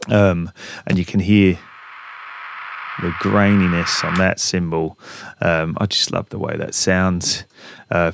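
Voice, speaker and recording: A man hosting a casual walkthrough in his home music studio, talking in a relaxed, rambling way with plenty of ums. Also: sits low, creaky, slight background noise. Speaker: music producer and channel host. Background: music samples playing.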